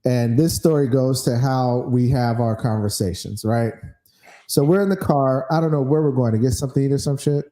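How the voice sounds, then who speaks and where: A man's voice: medium pitch, a little fast, reverberant. A man hosting a podcast in casual chat, telling stories with lots of swearing and acting out the quotes himself. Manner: animated storyteller, acts out quotes, swears freely. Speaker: podcast host.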